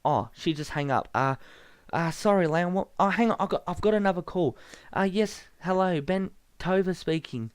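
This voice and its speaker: A man's voice: sits high, normal speed, clear, resonant tone, no echo, studio quality, pitched above the performer's own voice, lightly acted. A man voicing a flustered young male membership seller who stammers and hesitates.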